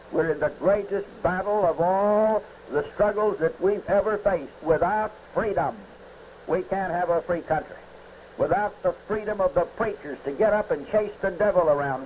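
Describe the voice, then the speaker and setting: A man's voice: high voice, lo-fi sound, slight background noise. A man preaching a fervent radio sermon with a repetitive preaching cadence, on an old radio broadcast.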